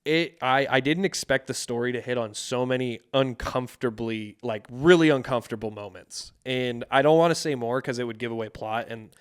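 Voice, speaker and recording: Smooth-voiced rambling podcast guy. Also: medium pitch, fairly quick, few pauses. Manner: rambling, hesitant, swears casually. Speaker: podcast co-host. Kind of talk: casual chat.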